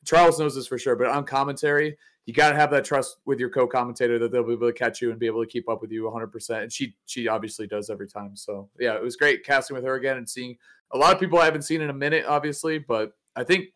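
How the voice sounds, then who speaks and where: A man co-hosting a casual gaming podcast, excitable and swearing freely as he chats. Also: medium pitch, fast talker. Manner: excitable, swears freely, says "dude" a lot. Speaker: podcast co-host and esports commentator. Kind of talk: casual chat.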